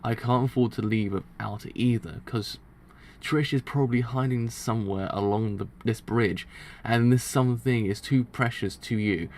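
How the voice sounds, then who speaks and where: A man's voice: medium pitch, fairly even intonation, normal speed, darkish tone, close to an everyday voice. A man voicing a hot-tempered male hitman while reading comic dialogue aloud, ranting and swearing. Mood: menacing. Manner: ranting, swearing, breaking into laughs.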